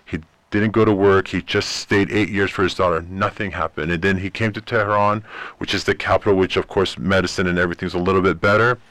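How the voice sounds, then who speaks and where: A fairly low-voiced man, a native Persian speaker, tells stories as an interview guest. He talks in an animated way and acts out the people he quotes. The sound is dry and close. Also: brisk, dry recording. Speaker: ministry guest. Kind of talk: interview storytelling.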